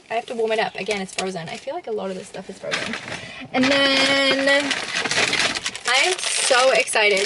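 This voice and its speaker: A young woman chatting in a casual vlog from inside a car, bubbly and gushing with lots of fillers. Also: on the high side. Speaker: vlogger. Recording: noisy car recording.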